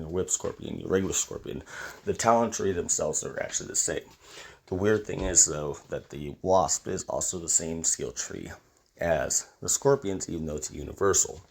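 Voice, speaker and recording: A man's voice: sits low, a little mellow, a little hiss or hum. A man who is sick, his voice slightly off, giving a casual, conversational game guide as a YouTuber. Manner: conversational and explanatory, wry. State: sick, voice a little off.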